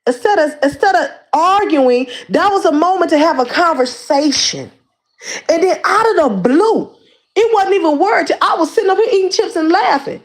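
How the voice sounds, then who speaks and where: A woman's voice: very high voice, expressive, normal speed. A woman hosting a livestream, calling out someone in a heated rant with lots of repeated words and restarts. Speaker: livestream host.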